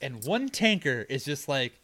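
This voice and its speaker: A man's voice: medium pitch, very animated, sharp tone. Jokey man recapping a movie. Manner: jokey, swearing, acts out characters in quick bits. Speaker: podcast co-host. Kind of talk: casual movie recap chat.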